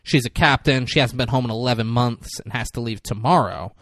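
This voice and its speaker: A man's voice: mid-range voice, a little fast, no echo, clean studio sound. A man co-hosting a podcast, recapping a movie in casual chat and acting out the characters' lines. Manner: animated, acts out lines in put-on voices. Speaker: podcast co-host. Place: podcast studio.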